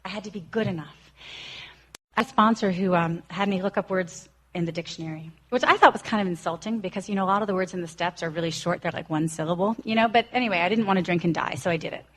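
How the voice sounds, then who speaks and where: A woman's voice: lowish voice, fast talker, fairly bright tone. Woman in her forties, earnest storyteller sharing a recovery story, slips into the voices of the people she quotes. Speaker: recovery speaker. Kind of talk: personal recovery talk.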